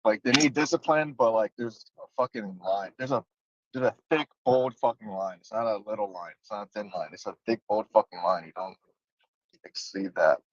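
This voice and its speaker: A man's voice: lowish voice, normal speed, no echo. Emphatic, profane man. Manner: emphatic, profane, animated storytelling. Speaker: podcast co-host. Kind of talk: casual chat. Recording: dull, dry lo-fi audio.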